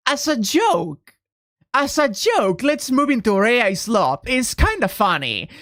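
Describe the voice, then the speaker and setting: A woman's voice: a little high, big pitch swings, a little slow, fairly bright tone, dry recording, clean studio sound. A woman streaming a video game, chatting casually, joking and swearing as she plays. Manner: profane, joking, laughs often. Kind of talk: casual gameplay commentary.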